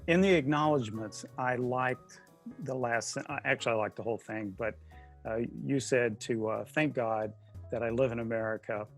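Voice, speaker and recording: A man's voice: medium pitch, normal speed, soft background music. A man hosting a casual interview over a video call, chatty and jokey, with plenty of filler words. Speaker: host.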